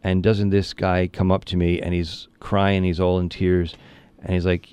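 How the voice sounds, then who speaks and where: A priest with a very low, smooth voice recounts a story in an earnest, animated way, often restarting his sentences. The sound is close and dry, with no room echo. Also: a little slow. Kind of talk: interview conversation, storytelling.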